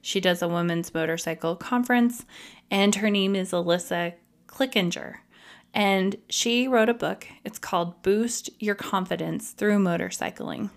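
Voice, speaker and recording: A woman's voice: fairly low pitch, vocal fry. A woman hosting a podcast, telling her own story in a candid, emotional, confessional way. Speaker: podcast host.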